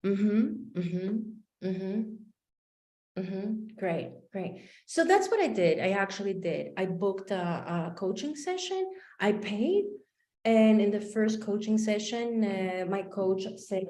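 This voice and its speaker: A woman's voice: mid-range voice, very animated, measured pace, darkish tone, echoey room. A woman life coach telling a personal story in a motivational talk, acting out the dialogue as she goes.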